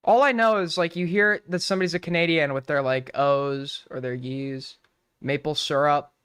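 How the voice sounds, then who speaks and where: A man's voice: a little high, steady tone, normal speed, fairly bright tone, clear, resonant tone, no room sound, clean studio sound. A man streaming live, reacting to clips with crude, rambling, irreverent commentary.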